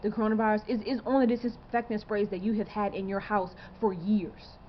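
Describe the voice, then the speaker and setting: A woman's voice: mid-range voice, flat delivery, a little fast, lo-fi sound, slight background noise. Rambling young woman vlogging. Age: 20s. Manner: rambling, earnest, full of fillers and rhetorical questions. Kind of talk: casual to-camera monologue.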